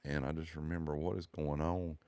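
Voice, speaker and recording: A man's voice: a bass voice, flat delivery, a little fast, dark tone, no echo. A man, telling his personal testimony in an earnest, heartfelt, rambling way.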